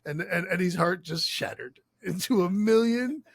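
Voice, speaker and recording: Lively high-voiced man, gravelly edge. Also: normal speed, dry recording. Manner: excitable, swearing, animated storytelling. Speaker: podcast co-host. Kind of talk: casual chat.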